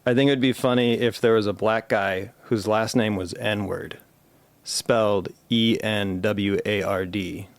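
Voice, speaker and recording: Fairly low voiced guy running through bit ideas, dry mic, no room sound. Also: unhurried, dry recording. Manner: pitches joke ideas and tells stories in a relaxed way. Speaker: podcast host. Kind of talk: casual chat.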